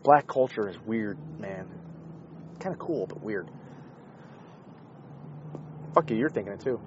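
A man's voice: fairly low pitch, expressive, unhurried, dull audio, noisy background. A man in a car giving a rambling, profane, heated monologue. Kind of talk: casual ranting monologue. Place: inside a car.

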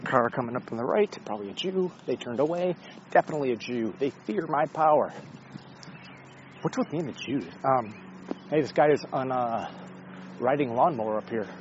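A man's voice: medium pitch, expressive, normal speed, lo-fi sound, a little hiss or hum. Rambling man walking his dog outdoors. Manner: rambling, profane, self-mocking, talks to his dog. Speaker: vlogger. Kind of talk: rambling casual monologue while walking a dog. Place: outdoors on a neighborhood street.

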